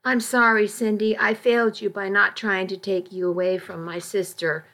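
A woman voicing a caring, firm middle-aged aunt in an audiobook, gentle but stern and pleading. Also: medium pitch, little pitch movement, moderate pace, lightly acted. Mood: concerned, stern. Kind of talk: audiobook reading.

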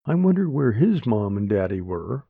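A man narrating a story aloud in a slow, plain manner. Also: lowish voice, sing-song, creaky, no echo. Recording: dry, tinny phone-like sound.

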